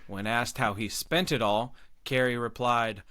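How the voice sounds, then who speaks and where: Slow, laid-back male comic. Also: medium pitch, steady tone, pushed and bright, clear, resonant tone, no room sound, clean studio sound. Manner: laid-back, mumbles over explanations of his jokes. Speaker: comedian guest. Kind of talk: reading monologue jokes.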